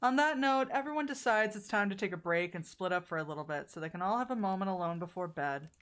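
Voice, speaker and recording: A woman's voice: medium pitch, quick pace. A young woman streaming a game with a friend, reading the story aloud, laughing often and doing voices. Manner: lively, laughs often, does voices for characters.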